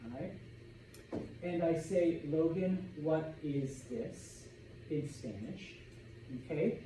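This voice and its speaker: A man teaching a Spanish class, lecturing in a lively way and often checking in with "okay?". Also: a little high, slow pace, noisy background. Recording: echoey classroom from far off.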